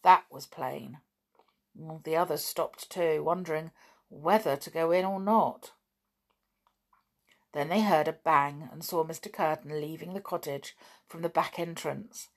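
Woman narrating a storybook in a low voice. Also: unhurried. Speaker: audiobook reader.

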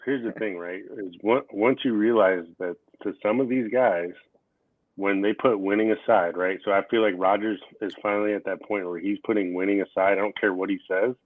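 A blunt, profane man in his forties co-hosts a casual podcast, telling stories with heat. His voice sits a little low and comes through a tinny, phone-like line with no room sound. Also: fairly even intonation, fairly quick, dry recording. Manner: blunt, profane, heated storyteller. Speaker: podcast co-host.

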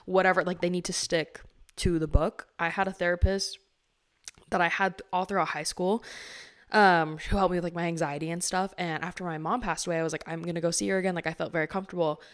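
A young woman hosting a podcast, with a slightly low voice for a woman. She talks in a loose, chatty way, filling her sentences with "like" as she asks questions. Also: fairly even intonation, quick pace. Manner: chatty, heavy use of "like", conversational. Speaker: podcast host. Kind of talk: casual interview chat.

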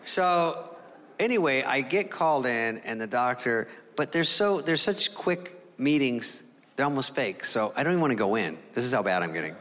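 A man's voice: mid-range voice, big pitch swings, moderate pace, a bit bright. A man doing a stand-up comedy routine, telling a story with sarcastic asides and acting out the dialogue. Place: live theater stage before an audience. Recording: reverberant live hall with crowd noise. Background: audience laughter.

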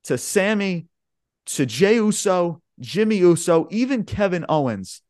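A man co-hosting a podcast in casual chat, excitably retelling events in a rambling way, swearing often and calling listeners "bro" and "man". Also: sits high, a little slow, no room sound, studio quality. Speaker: podcast co-host.

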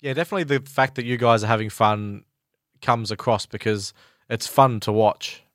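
A low-pitched man asks questions in a relaxed, chatty way, like a host keeping things easy. The sound is dry, with no room echo behind him. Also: moderate pace. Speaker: interview host. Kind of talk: casual interview questions.

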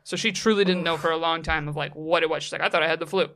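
A woman's voice: low voice, fairly even intonation, very fast, a bit bright. A woman hosting a casual chat who reacts with gasps and asks frank questions.

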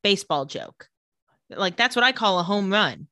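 A chatty woman recaps a TV episode on a podcast, slipping into quick voices for the characters. The recording is dry and close. Her pitch sits mid-range for a woman. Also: no room sound. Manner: lively storytelling, acting out lines in quick voices. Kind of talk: casual chat.

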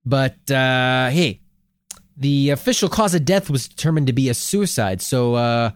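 A man's voice: medium pitch, expressive, measured pace, clean tone, no room sound. A man co-hosting a casual podcast in a laid-back bantering way, with plenty of fillers. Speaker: podcast co-host. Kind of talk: casual joking podcast chat.

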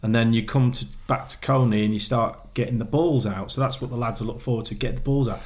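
A man, a former footballer, chatting casually and telling animated stories, often laughing as he acts out what people said. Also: mid-range voice, fast talker. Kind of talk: casual chat.

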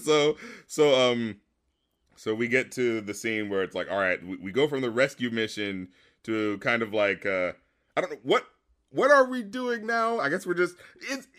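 A man's voice: mid-range voice, lively intonation, normal speed, fairly bright tone. A man co-hosting a casual movie review chat, laughing often and acting out lines. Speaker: podcast co-host.

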